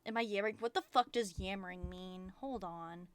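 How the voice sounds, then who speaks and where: A woman VTuber chatting casually on a livestream, rambling excitedly and swearing often. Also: medium pitch, moderate pace, no room sound. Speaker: VTuber streamer.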